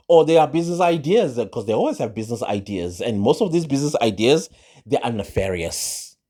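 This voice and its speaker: A man rants through a gossip commentary, full of sarcasm and rhetorical questions. His mid-pitched voice swings widely up and down as he talks. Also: sing-song, a little fast, dark tone. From South Africa. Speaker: social commentary vlogger.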